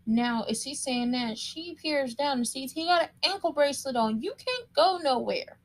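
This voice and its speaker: A woman's voice: high-pitched, moderate pace. A woman giving a casual, opinionated recap of a TV episode, chatty and emphatic, repeating words for stress. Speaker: TV show recap commentator.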